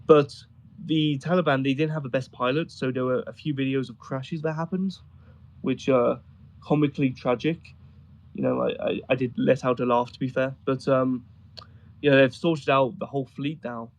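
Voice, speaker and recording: A man with a gravelly, rough-edged voice at a middling pitch, chatting casually. He tells rambling, amused stories full of ums and uhs. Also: steady tone, normal speed, lo-fi sound. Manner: rambling, amused storytelling with many fillers. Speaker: guest describing travels in Afghanistan. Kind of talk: casual conversation on a voice chat.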